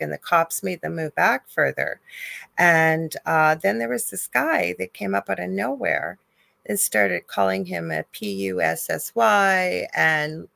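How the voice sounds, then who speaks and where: A woman's voice: lowish voice, measured pace, creaky, sharp tone, no echo. A woman co-hosting a live talk show, telling a story with strong emotion and animation. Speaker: co-host. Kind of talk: live call-in chat.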